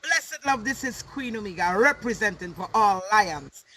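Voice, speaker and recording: A woman giving a chanting, rallying shout-out to the show. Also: medium pitch, lively intonation, moderate pace, slight background noise. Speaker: guest shout-out.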